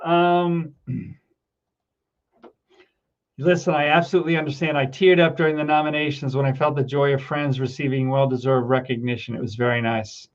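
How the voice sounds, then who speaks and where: A man's voice: medium pitch, fairly even intonation, normal speed, long pauses, muffled recording. A middle-aged man hosting a casual livestream, rambling with many ums and getting teary as he thanks his viewers. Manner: emotional, teary, laughing between words. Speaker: livestream host. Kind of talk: casual livestream chat reading viewer comments.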